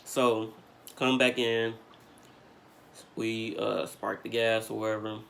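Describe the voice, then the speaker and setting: A young man vlogging, telling a story in casual slang with lots of fillers, getting animated as he retells it. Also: on the low side, slow pace, creaky, slight background noise. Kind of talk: storytime vlog.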